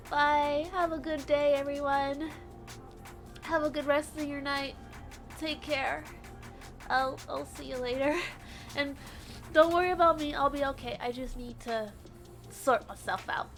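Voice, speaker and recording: A woman livestreaming a game, tearful and emotional, exclaiming and swearing at the story before a soft sign-off, on a desk mic. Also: sits high, steady tone, unhurried, long pauses, faint music behind. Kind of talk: live game stream reaction.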